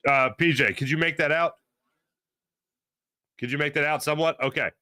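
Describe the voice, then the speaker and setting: A man hosting a sports talk show, ranting with strong opinions and swinging between low grumbles and loud outbursts. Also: steady tone, moderate pace. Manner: mocking put-on fan voice at times. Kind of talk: opinionated sports radio rant.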